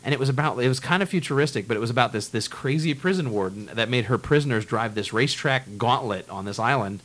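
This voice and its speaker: A man's voice: mid-range voice, expressive, fast, a bit bright. A man hosting a casual movie chat, ranting bluntly and swearing freely. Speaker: podcast host.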